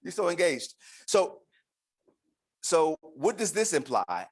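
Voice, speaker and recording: Animated male conference speaker. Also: a little high, takes it slowly, pauses often, slightly rough. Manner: animated, emphatic, playful with the crowd. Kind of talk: live leadership talk to an audience. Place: conference room.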